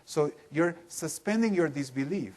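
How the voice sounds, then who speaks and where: Animated man teaching a live seminar. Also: a little high, normal speed. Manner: animated, emphatic, questions the audience. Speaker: workshop teacher.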